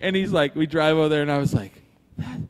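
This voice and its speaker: Animated man telling a story in a reverberant room. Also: fairly high pitch, fast, smooth. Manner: animated, swears freely, acts out quoted voices. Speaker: podcast co-host telling a story. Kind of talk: casual storytelling. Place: brewery room.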